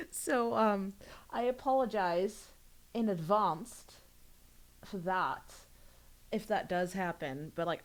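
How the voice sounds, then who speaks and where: A young woman chats casually with her livestream viewers about the book she wrote. She rambles and giggles, and her voice jumps up high when something excites her. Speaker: author streaming a book reading.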